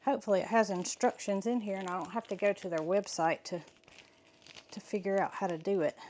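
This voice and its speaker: A middle-aged woman, chatting excitedly to viewers in a vlog while walking in a pasture, a little out of breath. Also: medium pitch, fairly quick, slight background noise. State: slightly out of breath. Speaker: farm vlogger. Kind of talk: casual vlog narration. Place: outdoors in a pasture.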